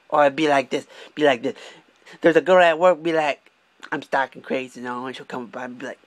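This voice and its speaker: A young man talks straight into the camera from behind the wheel, loose and candid, with plenty of swearing and halting restarts. His voice sits at an ordinary middle pitch for a man. The sound is dry and close, with little room around it. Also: steady tone, no room sound. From Michigan. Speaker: vlogger. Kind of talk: casual rambling vlog. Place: car, driving.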